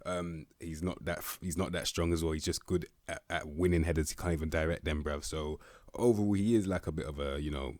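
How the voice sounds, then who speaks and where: A young man giving casual, blunt commentary on a football management game, slangy and swearing, with sudden loud bursts of emphasis. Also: rumbling low, steady tone, a little fast, no echo. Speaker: gaming YouTuber.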